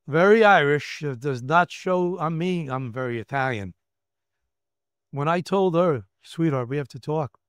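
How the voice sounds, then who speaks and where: A retired federal agent in his seventies from Brooklyn, New York, tells candid stories as an interview guest, speaking emphatically with halting candor, repeating words, and acting out quoted voices. His voice is a little high for a man, smooth and clear. It's recorded close and dry with no echo.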